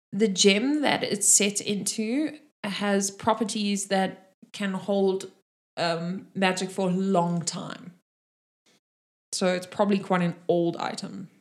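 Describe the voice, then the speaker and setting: A woman running a tabletop game as game master, narrating casually with frequent pauses and fillers. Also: medium pitch, fairly even intonation.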